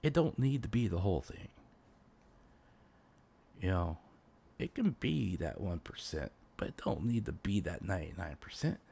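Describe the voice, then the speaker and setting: A man with a low, gravelly voice rambles through a casual livestream rant. He keeps restarting his sentences and leans on "you know". His voice. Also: animated, moderate pace, long pauses, dark tone. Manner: rambling, many restarts and fillers. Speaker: VTuber streamer.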